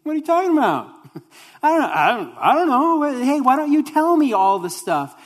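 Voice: high-pitched, big pitch swings, normal speed, pitched above the performer's own voice. A preacher putting on a playfully clueless Jesus. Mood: teasing. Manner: playful, mock-innocent. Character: Jesus playing dumb, teasing man. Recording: long hall reverb.

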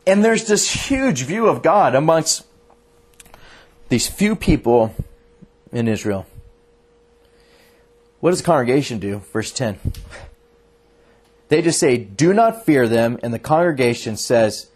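A man's voice: medium pitch, unhurried, long pauses, husky. A man preaching a sermon as a pastor, telling stories earnestly and often restarting his sentences. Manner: earnest, animated storytelling with frequent restarts.

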